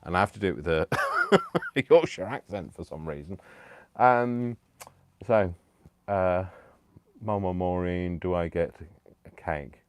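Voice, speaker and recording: Man, deep voice, rambly self-mocking live-stream host, casual chat. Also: measured pace, pauses often, darkish tone, clear, resonant tone. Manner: rambling, self-deprecating, chatty. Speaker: livestream host making digital crafts.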